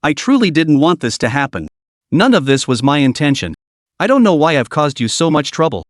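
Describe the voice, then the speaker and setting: A man's voice: a little high, big pitch swings, a little fast, no room sound, clean studio sound. A man voicing a young woman who is tearful and pleading, reading her in a storybook recap. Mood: distressed. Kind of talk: storybook narration.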